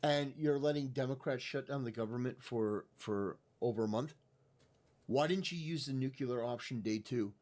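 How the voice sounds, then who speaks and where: A man's voice: mid-range voice, moderate pace, darkish tone. A man over thirty giving an earnest, indignant political rant with mock solemnity.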